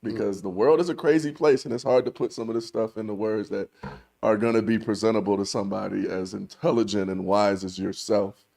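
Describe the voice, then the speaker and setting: A man's voice: lowish voice, steady tone, fairly quick, creaky, darkish tone. A man co-hosting a casual talk show, teasing and joking with frequent laughs. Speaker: co-host. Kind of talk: casual chat.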